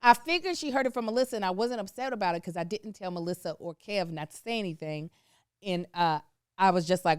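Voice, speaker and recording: A woman hosting a casual chat, telling a story in a lively, expressive way. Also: lowish voice, fast, clean tone, no echo, clean studio sound. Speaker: host.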